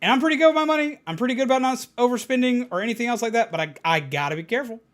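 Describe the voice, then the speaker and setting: A woman streamer chatting casually on a live stream, telling stories in an animated, profane way. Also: a little high, racing.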